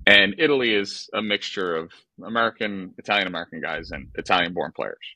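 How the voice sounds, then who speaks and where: A man co-hosting a podcast, telling a baseball story in an animated, exasperated way and swearing freely. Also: low-pitched, fairly quick, dry recording, poor audio. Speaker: podcast co-host, former baseball player.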